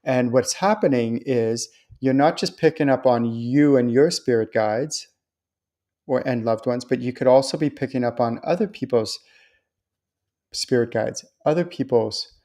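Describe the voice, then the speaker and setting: A man hosting a live stream on spiritual topics, talking in a chatty, reassuring way and acting out quoted voices with lively jumps. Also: mid-range voice, unhurried. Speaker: host and spiritual channeler. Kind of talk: live-stream talk answering viewer questions.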